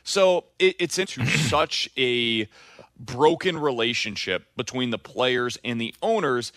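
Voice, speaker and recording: Bright emphatic male sports co-host. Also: medium pitch, expressive, unhurried, no room sound, clean studio sound. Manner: opinionated, emphatic. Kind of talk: casual sports talk.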